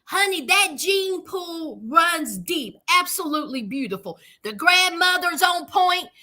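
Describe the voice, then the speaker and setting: High-voiced sassy woman recapping TV. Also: expressive, a little slow, bright, forceful tone. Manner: sassy, emphatic, talks straight to viewers. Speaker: reality TV recap host. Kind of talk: casual recap commentary.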